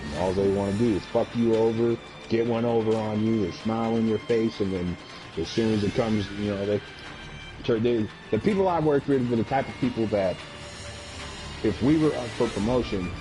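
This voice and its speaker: A man's voice: lowish voice, normal speed, over music, poor audio. A man, an Army veteran, telling a blunt, heavily profane story casually on a live game stream.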